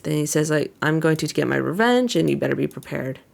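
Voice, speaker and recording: With a low, gravelly voice, animated and brisk, the young woman VTuber recaps an anime episode in a casual way. She paraphrases character lines and leans on frequent fillers.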